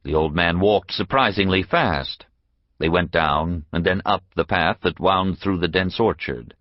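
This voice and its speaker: A man reading an unabridged novel as an audiobook narrator, measured and expressive. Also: low voice, no room sound, highs cut off. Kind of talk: scripted narration.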